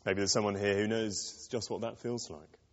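A man preaching a sermon to a congregation, expressive and acting out quoted lines. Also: lowish voice, moderate pace. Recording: dull reverberant hall.

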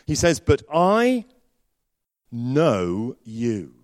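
Male preacher, sounding, animated pitch, dry close sound, storytelling sermon. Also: drawn-out words, dry recording. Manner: storytelling with varied, lively delivery.

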